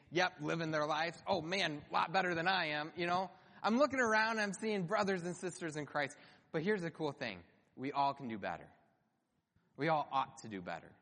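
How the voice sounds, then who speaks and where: A man's voice: fairly high pitch, fairly bright tone. A man preaching a sermon as pastor, in an earnest, conversational way with emphatic lifts, in a church sanctuary. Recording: long hall reverb.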